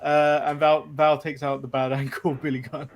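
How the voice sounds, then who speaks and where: A man's voice: a little high, level tone, normal speed. A man from the UK hosting a podcast, recapping events casually and laughing often. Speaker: podcast host.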